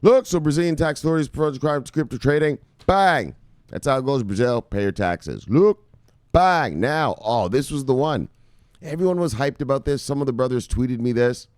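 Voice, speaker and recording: Profane, rambling man, lively pitch. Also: normal speed, no room sound, studio quality. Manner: rambling, profane, swings from loud to muttered. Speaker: crypto news presenter. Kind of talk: casual profane commentary.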